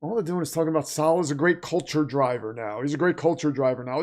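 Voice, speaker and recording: Man, casual livestream host, sarcastic and chatty, fairly high voice. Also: fairly quick, gravelly. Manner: chatty, sarcastic, jokingly self-styled villain. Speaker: watch party livestream host reading chat. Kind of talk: casual live-stream chat.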